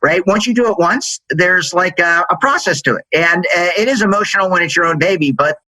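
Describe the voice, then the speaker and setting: Middle-aged guy telling business war stories, bright forceful voice, kinda high, dry close sound. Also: fairly quick, no room sound, poor audio. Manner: animated, acts out quoted dialogue in a higher voice. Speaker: guest, sales executive. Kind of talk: storytelling interview answer.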